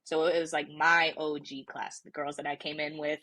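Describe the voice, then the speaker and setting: A young woman in her twenties with a notably low voice tells a story in a loose, chatty way. She fills her talk with "like" and restarts her sentences as she goes. She sounds like a guest on a casual podcast. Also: level tone, normal speed, sharp tone. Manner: chatty, many "like" fillers and restarts. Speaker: podcast guest, soccer player.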